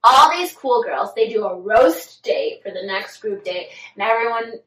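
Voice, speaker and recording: A woman's voice: fairly high pitch, animated, normal speed, a bit bright, distant mic. A young woman co-hosting a podcast, chatting casually and recapping gossip with acted-out quotes. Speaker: podcast co-host. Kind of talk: casual chat. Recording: echoey room, voice a bit off-mic.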